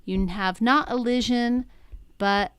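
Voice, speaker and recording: A woman's voice: a little high, fairly even intonation, slow, fairly bright tone, clean tone, no room sound. A woman teaching a lesson, talking methodically through each step. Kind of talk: classroom lecture.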